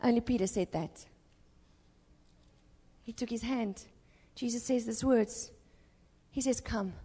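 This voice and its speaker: A woman preacher giving an impassioned sermon in a church, swinging between urgent exhortation and hushed storytelling. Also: a little high, slow, husky, long reverb tail.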